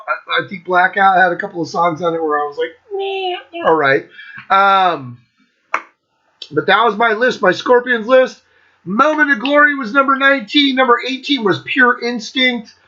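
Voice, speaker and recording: A man in his fifties hosting a casual monologue, swearing constantly, excitable and breaking into bits of song. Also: high voice, moderate pace, lo-fi sound. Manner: profane, excitable, breaks into singing. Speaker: host. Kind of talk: casual monologue ranking albums.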